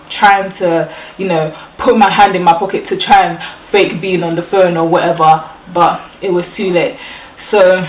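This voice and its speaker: Young London woman vlogger, lowish voice, animated casual storytelling, distant mic, faint background hum. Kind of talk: storytime vlog. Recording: echoey room, mic at a distance.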